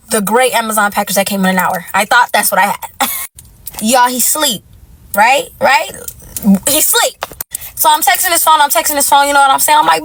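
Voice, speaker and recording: A woman tells a dating story in a high, animated voice, talking straight to her viewers. She exclaims and calls them y'all. A faint hiss sits under the recording. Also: low-quality recording. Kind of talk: casual story time.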